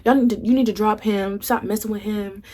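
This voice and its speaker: A woman's voice: mid-range voice, steady tone, fairly quick, darkish tone, slight background noise. A young woman vlogger telling a candid storytime, swearing freely and acting out what her friends said. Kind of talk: casual storytime.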